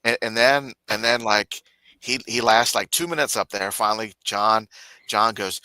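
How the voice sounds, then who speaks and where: A man's voice: on the low side, moderate pace, no echo. A man in casual chat on a live stream, telling stories and mimicking others. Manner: animated storytelling, mimics others in raised voice.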